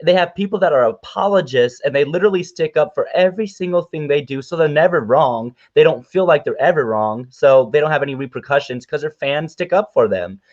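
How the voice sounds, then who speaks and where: A man's voice: fairly high pitch, fairly quick, few pauses, darkish tone, dull audio. A man talking earnestly and with frustration, making long run-on points in a casual live chat. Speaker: channel host.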